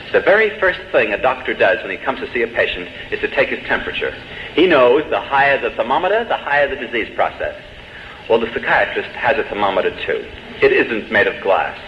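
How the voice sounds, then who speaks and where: A man giving a humorous public lecture to a live audience, telling jokes and putting rhetorical questions to his listeners. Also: mid-range voice. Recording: dull old tape in an echoey hall, faint hiss.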